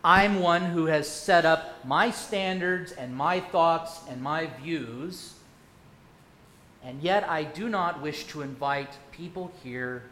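A male pastor preaching a sermon, firing rhetorical questions and swinging from loud to hushed. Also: fairly high pitch, slight background noise. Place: church sanctuary. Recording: echoey church room.

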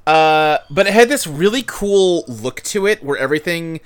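A man's voice: fairly high pitch, animated, normal speed, a crowd in the background. A man hosting a podcast in casual chat, rambling, with loose fillers and casual swearing. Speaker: podcast host.

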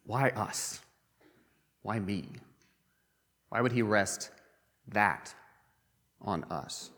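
A male pastor gives a sermon in an easygoing, conversational manner, leaning on um and uh and repeating words as he thinks aloud. His voice sits somewhat low. The sound carries a long reverberant tail from a large church hall. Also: expressive, extremely slow, a bit bright.

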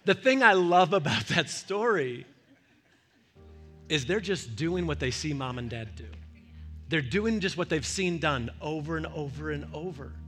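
Lively bright-voiced male pastor preaching. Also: a little high, a little slow, faint music behind. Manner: animated storytelling with quoted voices. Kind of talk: sermon.

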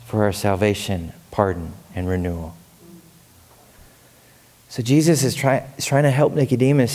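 A male pastor preaching a sermon, animated and storytelling, asking the congregation questions. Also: lowish voice.

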